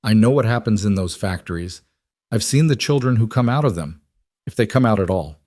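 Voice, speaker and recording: A man's voice: fairly low pitch, a little fast, dry recording, studio quality, close to an everyday voice. A man voicing a determined young frontier woman who speaks steadily and defiantly. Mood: firm. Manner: steady, firm, quietly defiant.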